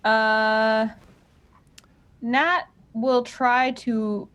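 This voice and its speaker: A woman's voice: fairly high pitch, flat delivery, extremely slow, fairly bright tone, muffled recording. A woman playing a tabletop game, casually thinking aloud about her moves. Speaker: player.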